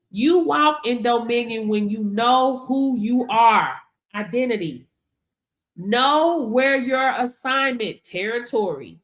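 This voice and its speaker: A woman, teaching faith on a livestream in an animated, preachy way and talking straight to her viewers. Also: fairly high pitch.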